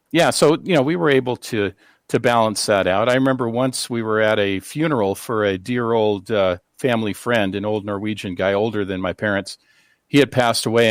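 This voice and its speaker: Low-voiced older man telling stories. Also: no room sound, clean studio sound. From United States. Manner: rambling, many fillers and restarts. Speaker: guest. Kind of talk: casual interview storytelling.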